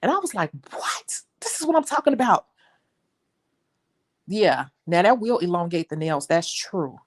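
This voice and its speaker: Chatty Chicago woman talking nails. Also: medium pitch. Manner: chatty, animated storytelling, says y'all. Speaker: nail technician and channel host. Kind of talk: casual chat to viewers.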